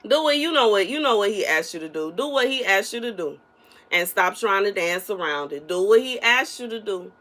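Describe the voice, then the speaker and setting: A woman delivering a casual spoken prophetic message in her soft everyday voice, repeating phrases for emphasis and often asking "you know what I'm saying.". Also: medium pitch, expressive, fairly quick. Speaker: online prophetic minister.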